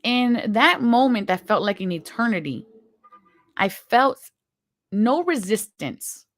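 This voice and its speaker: A woman's voice: a little high, sing-song, dry recording. Woman retelling a near-drowning, dry close sound. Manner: earnest, halting, emotional retelling. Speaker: storyteller. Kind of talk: personal story told to viewers.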